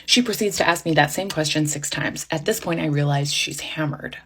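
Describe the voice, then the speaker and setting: A woman's voice: low voice, fairly quick, a bit bright, slightly rough. A woman telling a dating story in a wry, self-mocking comic way. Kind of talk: casual storytime.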